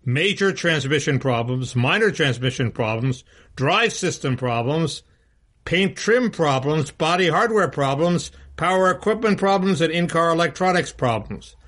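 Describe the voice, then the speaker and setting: A man's voice: fairly high pitch, animated, a little slow, a bit bright. A man co-hosting a casual political podcast, talking bluntly and restarting his sentences often. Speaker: co-host.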